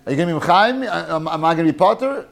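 Brief: man teaching Talmud, slightly high voice, animated and joking, mixes in Hebrew terms. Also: fast, gravelly. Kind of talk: lively Talmud class lecture.

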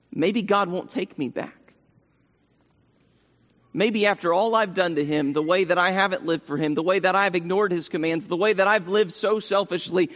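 A man's voice: high voice, normal speed, fairly bright tone. A man preaching a sermon in a church, earnest and repeating phrases for emphasis. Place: church sanctuary. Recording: long hall reverb, dull lo-fi sound.

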